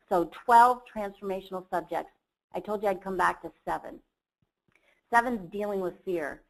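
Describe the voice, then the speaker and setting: A woman's voice: fairly low pitch, creaky, poor audio. A woman who runs the company gives a motivational webinar talk in an earnest, enthusiastic storytelling manner. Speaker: company CEO presenter.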